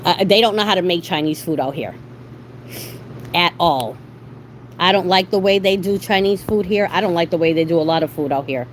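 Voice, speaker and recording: A woman's voice: on the low side, moderate pace, a little hiss or hum, low-quality recording. A woman with a Boston accent chatting casually to her livestream viewers, rambling and restarting her sentences as she tells stories. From Boston, Massachusetts. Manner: rambling, animated storytelling with frequent restarts. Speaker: livestream host.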